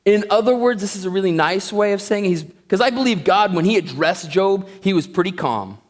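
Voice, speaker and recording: Animated male Bible teacher in an echoey hall. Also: high-pitched, a little fast. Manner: conversational, joking, animated. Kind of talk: Bible lesson.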